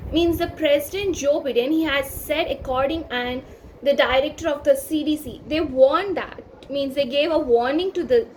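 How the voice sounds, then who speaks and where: A woman's voice: high-pitched, a little hiss or hum, rough recording. A woman teacher, reading a newspaper editorial and explaining word meanings in careful repeated lists. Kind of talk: slow reading and vocabulary lesson.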